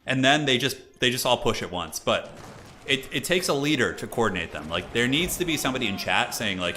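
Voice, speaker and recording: A man casually commentating a strategy game on his live stream, rambling and animated with lots of "like" fillers. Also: mid-range voice, brisk, music in the background.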